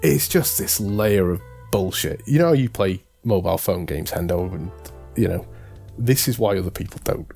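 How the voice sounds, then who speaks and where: A man's voice: sits low, expressive, normal speed, vocal fry, dark tone, faint music behind. A man co-hosting a podcast, talking in a casual, rambling way and often correcting himself. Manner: rambling, self-correcting, amused. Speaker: podcast co-host. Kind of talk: casual chat.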